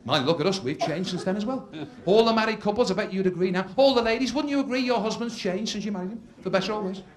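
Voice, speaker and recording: A man's voice: sits high, fast. A man doing a stand-up comedy routine, telling stories and acting out characters in shifting voices, recorded live before an audience. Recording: live show with loud audience laughter. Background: audience laughing.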